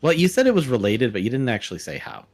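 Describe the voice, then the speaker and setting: Male streamer, animated pitch, casual, narrates his own puzzle-solving. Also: quick pace. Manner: thinking aloud while solving puzzles. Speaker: streamer guest. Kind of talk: casual live-stream chat.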